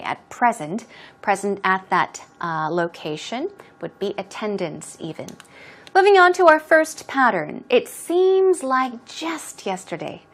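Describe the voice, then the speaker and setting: A woman English teacher explains vocabulary slowly and patiently, modeling each word's stress. Her slightly high voice rises and falls in a lively, animated way. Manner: clear, patient, drawn-out teaching delivery.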